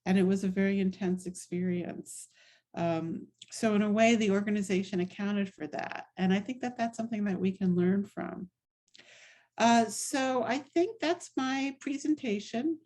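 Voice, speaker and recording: A middle-aged woman presents her book at a talk. She tells stories in a loose, conversational way, full of asides, at a middle pitch. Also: moderate pace, a little mellow. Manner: conversational storytelling with frequent asides.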